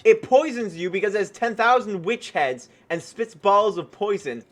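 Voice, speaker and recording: A man giving excited gameplay commentary as a gaming YouTuber, excitable and often yelping in surprise. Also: sits high, moderate pace, hardly any pauses.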